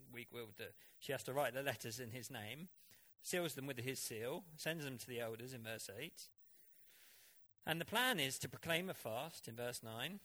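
Man preaching a sermon, bright tone, chatty and animated, reads a verse then talks it through. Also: mid-range voice. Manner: animated, conversational Bible exposition.

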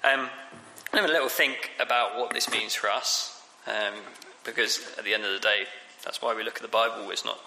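A man gives a sermon in a bright, sharp-toned voice, talking it through casually with many ums and restarts. His voice rings around a large echoey hall with a long reverb tail. A faint room hum sits underneath. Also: on the low side, steady tone, moderate pace. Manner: conversational, many fillers and restarts. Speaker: preacher. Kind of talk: sermon on scripture.

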